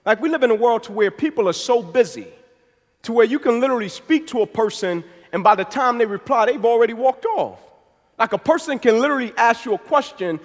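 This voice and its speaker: A man in his thirties from Atlanta, Georgia, giving a motivational speech, telling his story emphatically with a preacher-like build. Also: very high-pitched. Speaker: motivational speaker. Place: large event hall. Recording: long reverb of a large hall.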